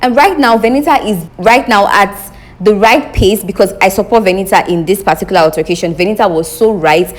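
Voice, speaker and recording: A young woman giving an opinionated recap of a reality show, emphatic and animated, talking straight to her viewers. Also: mid-range voice, brisk. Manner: animated, emphatic, addresses viewers as guys, repeats questions for effect. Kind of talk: casual opinionated commentary.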